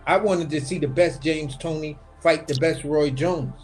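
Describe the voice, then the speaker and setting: A man on a livestream video call, animated and opinionated, repeating words as he builds his point about boxing. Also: a little high, moderate pace, soft background music. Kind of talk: casual boxing chat on a livestream.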